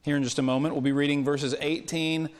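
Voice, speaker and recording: A man preaching a sermon as a pastor, telling a story in a conversational way and getting animated when quoting others, in a church sanctuary. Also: on the high side, fairly quick, clear, resonant tone. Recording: long reverb of a church hall.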